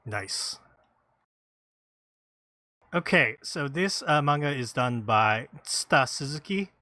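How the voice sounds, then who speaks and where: A man hosting a casual podcast, reading credits and blurbs in a halting, self-deprecating way. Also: mid-range voice, expressive, bright, forceful tone, no echo. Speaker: podcast host.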